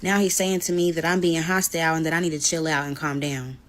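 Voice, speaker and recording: A woman's voice: sits low, fast talker. Woman telling a blunt story time. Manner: blunt, animated retelling with swearing. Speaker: storyteller vlogger.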